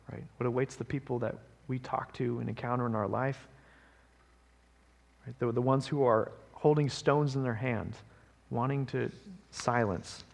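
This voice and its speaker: Man, pastor, conversational sermon, gravelly voice, long hall reverb. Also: medium pitch. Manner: conversational preaching, frequent "right?" asides.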